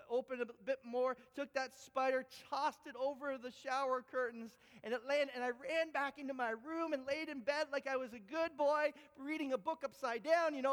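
High-voiced animated man preaching in a hall. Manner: animated storytelling with big pitch swings. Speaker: pastor. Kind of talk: sermon with personal story. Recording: echoey hall with long reverb.

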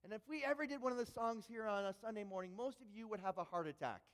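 A man preaching a sermon and telling a story, animated and often repeating words when he gets excited. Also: sits high, fast talker. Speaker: pastor. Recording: long hall reverb.

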